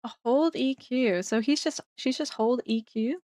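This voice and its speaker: A woman's voice: high voice, measured pace, darkish tone, dry recording, studio quality. A woman casually commenting while playing a game on stream, chatty and laughing often, trailing off as she thinks.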